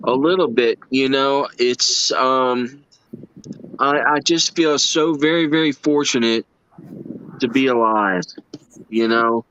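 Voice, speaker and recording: A man's voice: mid-range voice, takes it slowly, a bit bright, a little hiss or hum. A man, a livestream guest telling personal stories in an earnest, emotional, folksy way. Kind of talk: casual storytelling chat. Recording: dull lo-fi stream audio.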